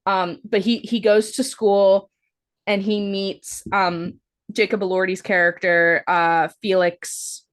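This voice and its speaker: A woman's voice: medium pitch, level tone, takes it slowly. A woman co-hosting a podcast, recapping a film in a casual, rambling way, full of "like" fillers and the odd swear word. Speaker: podcast co-host. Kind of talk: casual movie-review chat.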